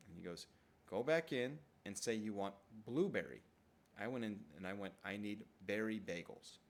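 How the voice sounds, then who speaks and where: A man in his thirties casually telling rambling, profane stories from his childhood in a self-deprecating way. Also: fairly low pitch. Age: 30s. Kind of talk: casual storytelling monologue.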